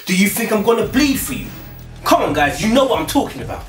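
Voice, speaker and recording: A man's voice: sits high, sing-song, quick pace, far from the mic. A young man addressing the camera in a comedy sketch, preachy and mocking. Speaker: sketch narrator. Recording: roomy echo, away from mic, music.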